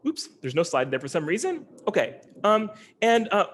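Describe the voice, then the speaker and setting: A man with a slightly higher-than-usual voice gives an online academic lecture. He explains step by step, pausing often with ums and restarting sentences as he goes. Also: sing-song, fairly bright tone, a little hiss or hum. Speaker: linguistics professor giving a lecture.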